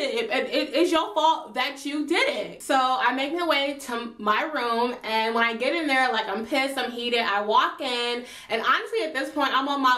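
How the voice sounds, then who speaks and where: A young woman vlogger telling a story to her viewers in an animated, slangy, chatty way. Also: sits high, moderate pace, few pauses. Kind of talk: storytime chat. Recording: roomy echo.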